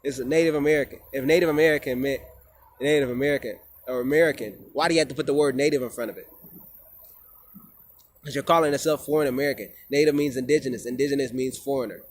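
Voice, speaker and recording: A man's voice: medium pitch, fast talker, a little hiss or hum. A man, a wellness coach, talking to his viewers in an emphatic, preachy way with lots of casual slang. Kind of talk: informal monologue to viewers.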